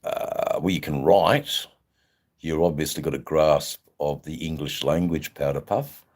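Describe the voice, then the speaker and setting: An older Australian man hosts a livestream, reading viewers' comments aloud and answering them in a laid-back, rambling way full of fillers. His voice rumbles low with a darkish tone, and he's unhurried.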